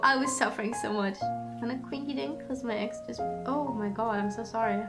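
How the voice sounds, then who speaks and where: A woman's voice: on the high side, brisk. Rambling young woman streamer over music. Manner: rambling, swears freely, many fillers. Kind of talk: casual chat with stream chat. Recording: music playing under the voice. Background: music in the background.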